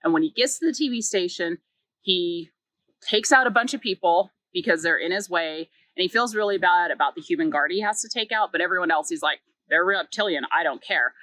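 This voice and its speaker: A woman's voice: on the low side, a little fast, a bit bright, no room sound, poor audio. A woman reviewing a book, retelling its plot in a chatty way with many filler words and small acted quotes. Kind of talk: casual story recap.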